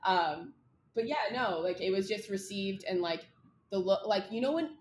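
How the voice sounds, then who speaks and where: A woman's voice: mid-range voice, moderate pace, echoey room, slight background noise. A young woman co-hosting a podcast, talking candidly in casual chat, rambling with lots of "like". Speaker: podcast co-host.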